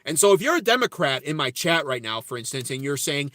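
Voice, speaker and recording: Give me a man hosting a political livestream with an American accent, reading and mocking chat in a loud, cutting rant. His voice is bright and forceful, and the recording is dry and close, like a small car interior. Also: fairly high pitch, sing-song, fast talker, dry recording. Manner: brash, profane, ranting. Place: inside a car.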